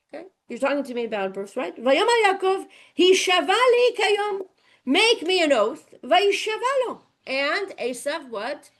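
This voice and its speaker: Lively, high-voiced woman teaching a class. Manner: asks the class questions and answers them, quoting verses. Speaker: Torah teacher. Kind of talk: classroom text study.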